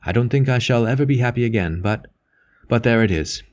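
A man's voice: mid-range voice, fairly quick, a little mellow, natural voice. A man voicing a sullen, sorrowful priest who has lost his faith.

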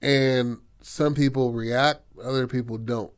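A man's voice: medium pitch, steady tone, takes it slowly, clean tone. A man with a mid-range voice talks loosely through his story ideas. He halts and restarts, and he fills the gaps with "like" and "you know what I mean.". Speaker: co-writer planning a film. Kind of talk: casual brainstorming chat.

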